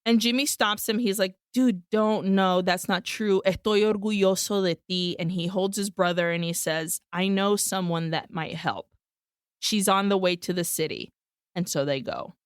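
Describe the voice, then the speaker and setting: Podcast co-host, woman, smooth, dry close-mic sound, casual bilingual plot recap. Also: mid-range voice, moderate pace, dry recording. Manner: recaps the plot, switching between English and Spanish, swears freely. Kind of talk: casual film-recap chat.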